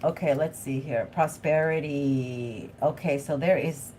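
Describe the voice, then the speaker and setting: Woman doing a live tarot reading, kinda low voice, chatty and excitable, talks right to viewers, faint hiss behind. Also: a little slow. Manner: chatty, excitable, thinking aloud; addresses viewers directly. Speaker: tarot reader hosting a live stream.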